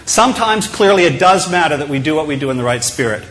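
Male pastor, relaxed storytelling sermon with humor, voice slightly on the high side. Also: fast.

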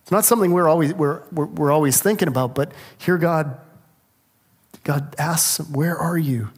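A middle-aged man preaching a sermon, telling a family story with lively rhetorical questions. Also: a little high, normal speed, slightly rough. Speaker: pastor.

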